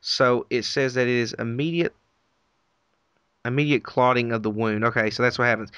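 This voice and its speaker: A man's voice: medium pitch, fairly even intonation, moderate pace, long pauses, fairly bright tone, clean tone, no room sound. A man co-hosting a casual podcast chat who is easygoing and reads lists out plainly, on slightly dull lo-fi audio. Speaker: podcast co-host. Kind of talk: casual chat and reading aloud.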